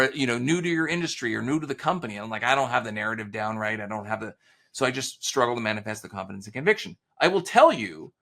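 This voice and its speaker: A man talking about selling, with a voice that swings widely in pitch and carries a gravelly texture. He tells stories and acts out both sides of the conversations in them. The style is casual podcast talk. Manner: animated storyteller, acts out quoted dialogue. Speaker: sales author and consultant guest.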